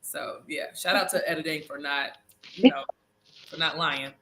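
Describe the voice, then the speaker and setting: A woman in her thirties telling a dramatic story in a casual interview, animated and talking straight to viewers. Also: deep voice, normal speed, crowd noise. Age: 30s. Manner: animated, dramatic, addresses audience as y'all. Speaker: reality show cast member, guest; nurse.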